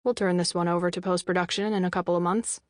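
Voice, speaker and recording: Woman voicing a gentle, insistent young boyfriend. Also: on the low side, steady tone, fast, dry recording, natural voice. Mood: concerned. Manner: soft, concerned and probing. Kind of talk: audiobook character dialogue. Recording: dry studio voice-over.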